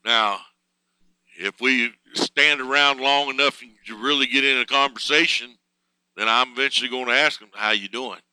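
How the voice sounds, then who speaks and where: Bright, crisp folksy preacher man. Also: mid-range voice, moderate pace, dry recording, low-quality recording. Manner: folksy, plain-spoken, chuckles between thoughts. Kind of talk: conversational sermon.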